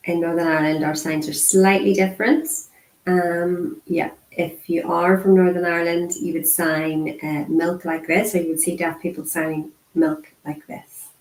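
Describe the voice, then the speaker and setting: Woman, lowish voice, unhurried lesson delivery with repeated words, roomy echo. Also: little pitch movement, a little mellow. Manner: slow and measured, repeating single words with pauses; frequent throat clearing and fillers. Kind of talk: interpreted beginner lesson, spoken aloud.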